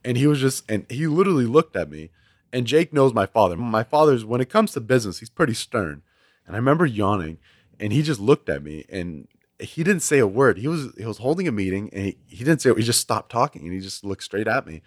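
A man's voice: mid-range voice, very animated, brisk, no room sound, clean studio sound. A man in his twenties chatting casually as a podcast guest, rambling through stories with frequent restarts. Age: 20s. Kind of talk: casual chat.

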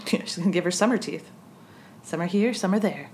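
A woman co-hosting a podcast, casually recapping a TV episode, laughing often and chiming in with quick agreements. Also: fairly low pitch, darkish tone, slight background noise. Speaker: podcast co-host.

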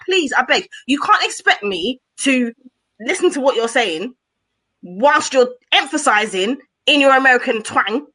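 A woman on a podcast panel, talking in a heated, outraged way, swearing and nearly shouting. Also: fairly high pitch. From Britain. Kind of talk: heated casual discussion.

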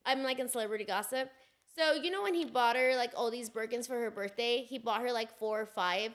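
A woman co-hosting a casual podcast, her voice sitting a little high. She tells gossip with animated energy, leaning on "like" as she talks. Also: brisk. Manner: animated gossipy storytelling, heavy "like" fillers. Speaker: podcast co-host. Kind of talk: casual chat.

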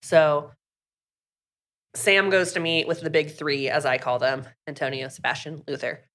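Speaking at a measured pace with a steady tone, this woman has a low, fairly bright voice. As a podcast co-host, she casually recaps a book, acting out what the characters say and peppering her speech with "like."

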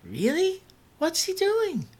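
A man voicing a bubbly, gossipy female coworker who talks in a loud stage whisper. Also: extremely high pitch, huge pitch swings, slow, voice pushed up, exaggerated voice. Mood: chirpy.

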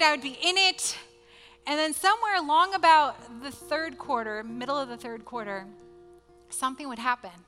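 A woman's voice: sits high, normal speed. A woman in her thirties, a pastor, giving a sermon through earnest, emotional personal storytelling. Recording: hall reverb with soft music behind.

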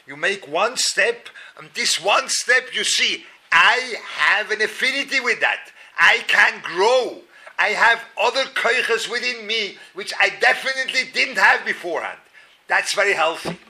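A man with a high, very bright and cutting voice gives a spoken Torah lecture. He talks straight to the listeners with asides and questions and mixes Hebrew and Yiddish words into his English. He acts out inner voices as he argues each point. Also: expressive, a little slow. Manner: emphatic, acts out inner voices with rising and falling pitch. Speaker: rabbi teaching a Torah class.

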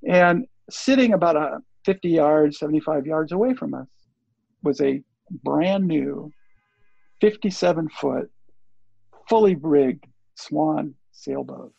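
Older man, interview guest, raspy fry-edged voice, slightly high, rambling animated anecdote, dry muffled lo-fi sound. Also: slow, no echo. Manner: rambling, animated, acts out quoted dialogue. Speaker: interview guest, surf filmmaker. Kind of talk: casual storytelling. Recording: dull lo-fi audio.

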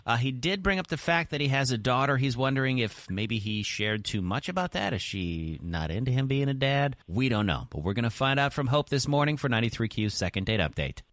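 Lively, animated morning radio host. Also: mid-range voice, brisk, hardly any pauses, no room sound. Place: radio studio.

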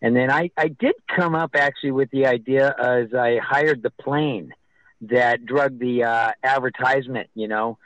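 A man being interviewed on the radio, telling stories in a halting, rambling way with many restarts. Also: medium pitch, fairly even intonation, a bit bright, no room sound, low-quality recording. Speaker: guest, festival organizer.

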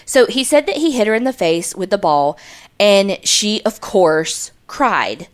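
A woman co-hosting a true crime podcast, telling the case in a casual, animated way with plenty of swearing. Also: mid-range voice, unhurried. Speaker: podcast co-host.

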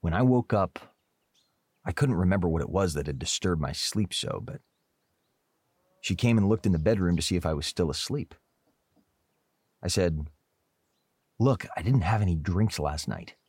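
An actor playing an anxious, cranky middle-aged husband who narrates in an old-time radio drama. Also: male voice, deep voice, animated, moderate pace, pauses often, darkish tone, slightly rough, dry recording, full character voice. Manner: tense, brooding, defensive.

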